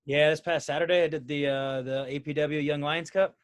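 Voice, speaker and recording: Young wrestler guy, chill storytelling, says bro, kinda high voice, dry close sound. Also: fairly even intonation, brisk, clean tone, no room sound. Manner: laid-back anecdotal storyteller, says "bro". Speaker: professional wrestler, guest. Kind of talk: casual chat.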